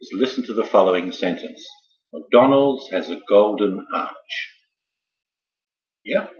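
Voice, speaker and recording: A man runs a casual quiz, reading questions and wandering into jokey, rambling asides. His voice sits on the low side. The sound is roomy and a little dull, like a lo-fi home recording. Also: takes it slowly. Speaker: quiz host. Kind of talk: casual live quiz hosting.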